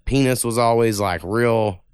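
A man hosting a casual podcast, spinning rambling, profanity-laced stories. His voice is smooth and clear, and the recording is close and dry with no room sound. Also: medium pitch, unhurried, no echo. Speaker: podcast host. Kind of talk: casual chat.

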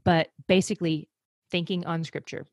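A woman from the United States talking casually as an interview guest, animated and fond of acting out voices. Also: on the low side, normal speed, dry recording, studio quality. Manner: animated, acts out voices when telling a story.

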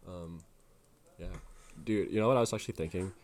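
Male podcast co-host, low voice, animated and opinionated. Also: a little fast. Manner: animated, opinionated, laughs easily. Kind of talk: casual chat.

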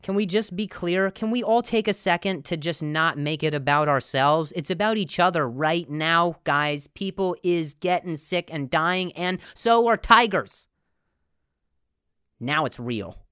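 A man's voice: on the high side, animated, unhurried, a bit bright, clear, resonant tone, no echo, clean studio sound. A young man hosting a comedy podcast, rambling and profane, with sarcastic rants full of restarts. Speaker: podcast host.

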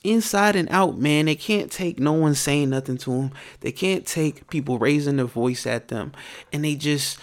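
A man's voice: on the high side, normal speed. A man hosting his own podcast, telling a story in a casual monologue and ranting with plenty of profanity. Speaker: podcast host.

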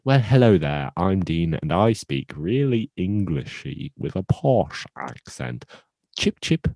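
A man's voice: low voice, big pitch swings, gravelly, darkish tone, no echo, exaggerated voice. A man putting on a pompous posh English gent. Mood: mock posh. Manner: exaggerated, drawn-out posh delivery.

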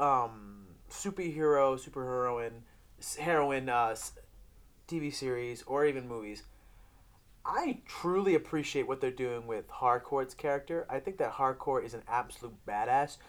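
A podcast co-host chatting casually about a TV series. The talk rambles, full of swearing and lively acted-out retellings. The voice sits at a middle pitch. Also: moderate pace. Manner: profane, rambling, with animated retellings. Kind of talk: casual chat reviewing a TV series.

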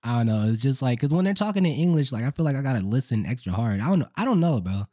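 A man's voice: mid-range voice, big pitch swings, very fast, dark tone, no room sound, studio quality. A man co-hosting a podcast in casual chat, laid-back and slangy, often calling others "bro". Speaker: podcast co-host.

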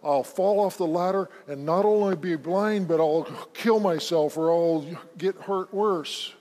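A man's voice: medium pitch, moderate pace, darkish tone, husky, big-room sound. A pastor quoting a bitter young blind man. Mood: angry. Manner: recounting, bursts of angry complaint.

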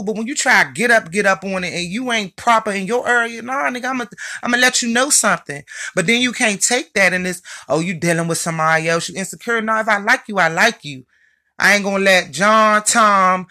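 Blunt, bright-voiced young woman ranting. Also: mid-range voice. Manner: blunt, profane, mocking. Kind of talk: casual opinion rant to listeners.

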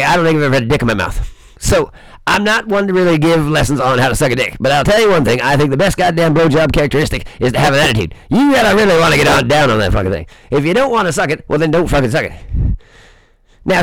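A man's voice: a little high, creaky, dry recording, rough recording. A man hosting his own show, delivering a rambling, swear-filled comedic monologue in a boisterous way. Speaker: host of a crude comedy show.

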